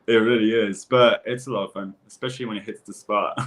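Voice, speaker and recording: A young man with a French accent, a guest telling stories in blunt, profane, animated casual chat full of fillers. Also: lowish voice, fast. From France.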